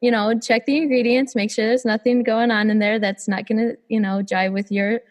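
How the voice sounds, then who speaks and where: A woman's voice: on the high side, steady tone, a little fast. Enthusiastic woman podcast host. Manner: enthusiastic, affirming, laughs often. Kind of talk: casual interview chat.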